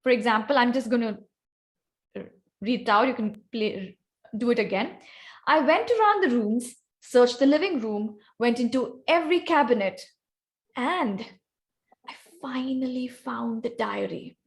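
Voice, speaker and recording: A woman's voice: fairly high pitch, animated, normal speed. A woman with an Indian accent giving an instructive workshop on speaking skills, calling on volunteers by name. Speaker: guest speaker teaching vocal variety. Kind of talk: online club workshop presentation.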